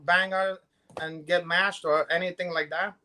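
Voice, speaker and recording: Bright-voiced joking man, Brazilian accent. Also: fairly high pitch, expressive, normal speed. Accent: Brazilian Portuguese. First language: Portuguese. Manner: goofy, bits and loud impressions. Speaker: co-host. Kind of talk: joking banter.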